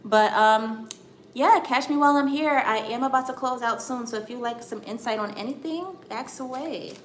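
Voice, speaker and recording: A woman's voice: a little high, moderate pace. An American woman giving a tarot reading on a live stream. She reassures her viewers, calls them honey and sweetheart, and keeps checking in with "okay?". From United States. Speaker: tarot card reader. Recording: echoey room with faint background noise.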